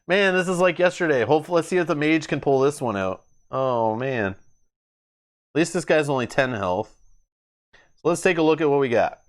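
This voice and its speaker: A man streaming a solo card game playthrough, thinking aloud as he reads cards, laughing often. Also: medium pitch. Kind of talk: casual solo playthrough commentary. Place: home gaming table.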